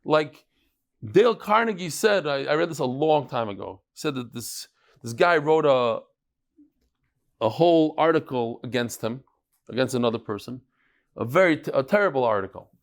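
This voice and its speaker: A man's voice: mid-range voice, animated, normal speed. A middle-aged man teaching a Talmud class, telling stories and bantering with his students.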